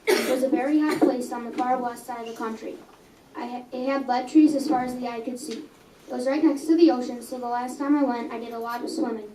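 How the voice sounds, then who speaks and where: High-pitched young reader in an echoey café. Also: female voice, fairly even intonation, brisk, noisy background. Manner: earnest, with small stumbles and self-corrections. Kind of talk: reading own story aloud. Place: coffee house. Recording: echoey room, mic at a distance.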